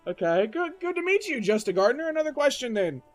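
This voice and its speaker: A young adult streamer chatting casually while playing, joking and stammering. The voice sits in a middle pitch but moves around a lot, with faint game music underneath. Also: sing-song, quick pace. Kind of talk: casual gameplay commentary.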